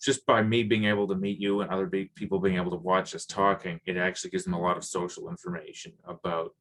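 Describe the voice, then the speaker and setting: Canadian guy hosting an interview, lowish voice, lots of ums and restarts. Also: flat delivery, fairly bright tone. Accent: Southern Ontario Canadian. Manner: halting, many restarts and fillers. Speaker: podcast host. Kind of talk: casual interview chat.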